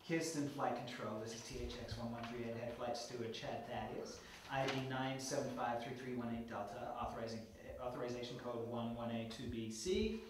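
A man's voice: medium pitch, a little hiss or hum, lightly acted. A man playing a bitten male flight steward turning zombie, rattling off codes in a clipped way. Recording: echoey room, mic far off.

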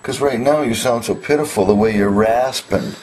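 A father gently coaxing and teasing his small child in a home video. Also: mid-range voice, normal speed, a little hiss or hum, poor audio.

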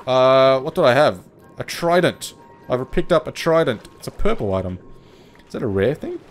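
A man's voice: mid-range voice, moderate pace. A man giving panicky, swear-filled let's play commentary while he plays a video game. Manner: excitable, panicky, swears often. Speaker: gaming video host. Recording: game music playing behind. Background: game music and water sounds.

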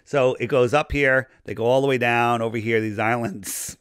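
A man speaking as a podcast guest in casual conversation, talking in a rambling, animated way as he loses his voice. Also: mid-range voice, moderate pace, clear, resonant tone, dry recording, clean studio sound. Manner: rambling, animated conspiracy talk. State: losing his voice.

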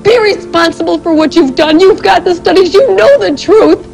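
A woman making an impassioned appeal in short, pleading, forceful statements. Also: very high voice, normal speed, creaky, faint music behind, low-quality recording.

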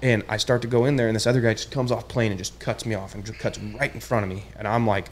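Young man, fairly low voice, laid-back, casual podcast chat, says "dude" a lot, acts out quotes. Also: flat delivery, fast, slight background noise. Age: young adult. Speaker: podcast guest, tournament angler.

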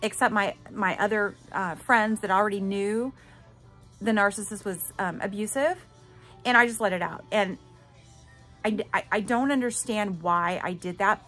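Middle-aged woman host, bright and forceful voice, candid and emphatic personal storytelling, faint music underneath. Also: mid-range voice. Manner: candid and emphatic, swears casually, addresses listeners directly. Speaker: podcast host.

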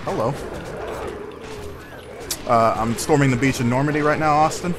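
A man narrating his own gameplay in a relaxed, offhand way, dropping curses when things get hectic. His mid-pitched voice sits over a steady hiss of background noise from a home mic. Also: normal speed. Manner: swears casually while playing. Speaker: let's play gamer. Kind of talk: casual gaming commentary.

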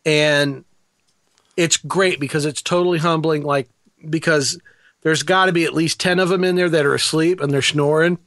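Male preacher guest, rambling comic storyteller, slightly high, dry recording. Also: steady tone, moderate pace, fairly bright tone, no echo. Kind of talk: casual banter.

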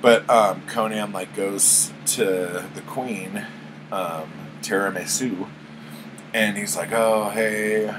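A man recaps a book in a loose, rambling way, swearing often and leaning on fillers. His voice is fairly low and his pace slow and unhurried. An air conditioner hums steadily in the room. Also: fairly even intonation, background noise. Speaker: book vlogger. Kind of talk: casual spoken book recap.

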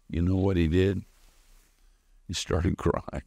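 A male pastor with a very deep, gravelly voice preaching a sermon. He talks slowly and conversationally, asking and answering his own questions as he tells a story. The sound is close and dry. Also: level tone, dark tone, no echo. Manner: conversational storytelling, call-and-response.

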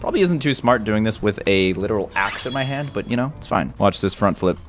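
A young man hosting a gaming video, panicking and exclaiming in excitable gameplay commentary with rapid repeats. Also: lowish voice, soft background music.

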